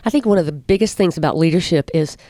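A woman's voice: sits low, mellow, no echo. Thoughtful woman counselor, dry sound. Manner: thoughtful, many pauses and fillers. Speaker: guest counselor. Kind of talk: reflective advice in a podcast interview.

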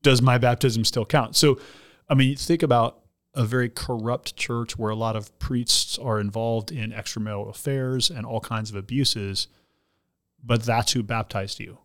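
A pastor hosting a podcast reads out a listener's letter, then works through the question in a thoughtful, explanatory way. His mid-pitched, fairly bright voice keeps a fairly even intonation at normal speed, and he often restarts sentences while thinking.

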